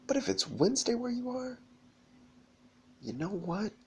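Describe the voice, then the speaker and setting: A man's voice: high voice, very animated, measured pace, a little hiss or hum. A man rambling through a disjointed, profane monologue to camera, often breaking into laughter.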